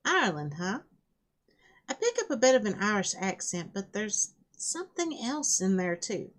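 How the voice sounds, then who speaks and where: A woman's voice: mid-range voice, sing-song, moderate pace, lightly acted. A woman with a scratchy throat reading the lines of a friendly, enthusiastic young male gamer. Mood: chatty.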